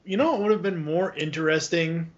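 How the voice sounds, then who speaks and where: A man with a fairly high voice talks on a casual podcast. He is blunt, and he swears as easily as he breathes. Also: fairly quick, dull audio. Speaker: podcast co-host.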